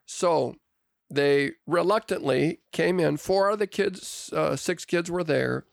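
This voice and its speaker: A man's voice: a little high, slow, creaky, no room sound, studio quality. An older man telling an earnest, confessional family story on a podcast. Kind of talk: casual podcast conversation.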